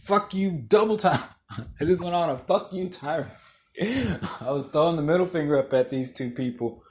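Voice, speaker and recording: A young adult man hosting a podcast, telling blunt, profane stories in a casual monologue and often laughing through them. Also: mid-range voice. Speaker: podcast host.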